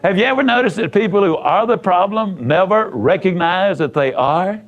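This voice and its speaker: Emphatic, high-voiced motivational speaker, man. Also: lively intonation, moderate pace, lo-fi sound. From United States. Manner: emphatic and folksy, with repetitions and acted-out dialogue. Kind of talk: motivational speech with storytelling.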